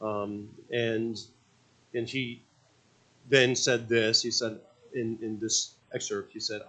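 A man preaching at a church service, reading an account aloud, halting with frequent restarts and questions to the congregation. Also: lowish voice, little pitch movement, a bit bright, slightly rough, poor audio. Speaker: pastor.

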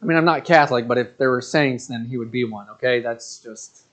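A man in his forties delivers a sermon in church with a mid-range, fairly bright voice and a brisk pace. He's conversational and joking, restarting often and making asides to the congregation.

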